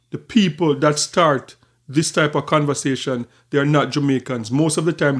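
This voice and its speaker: A man hosting a commentary channel, talking in a measured, conversational way with small repeats and restarts. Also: medium pitch.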